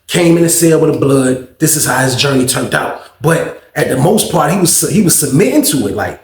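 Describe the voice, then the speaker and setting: A man's voice: a little high, animated, fairly quick, a little mellow, echoey room. A man telling a storytime tale as a channel host, in loose, slang-heavy talk full of fillers. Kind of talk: casual storytime.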